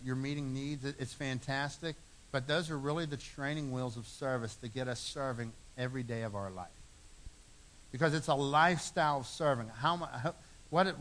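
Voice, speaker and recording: A man's voice: fairly high pitch, fairly bright tone. A middle-aged man preaching a sermon, earnest, repeating phrases for emphasis. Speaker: pastor.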